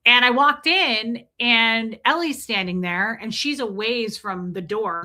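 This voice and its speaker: A woman live streamer telling a story in a casual, animated way and breaking off to greet her chat viewers. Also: fairly high pitch, takes it slowly, few pauses.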